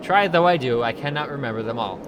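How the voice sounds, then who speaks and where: A man's voice: mid-range voice, lively intonation, fast, background noise, natural voice. A man voicing a chipper, scatterbrained woman tourist officer who rambles in an overly formal way. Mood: flustered. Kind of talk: reading game dialogue aloud.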